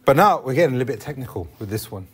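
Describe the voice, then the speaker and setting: Husky man teaching a class. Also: medium pitch, expressive, very fast. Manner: explains step by step, asks the class questions. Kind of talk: classroom lesson on Islamic law.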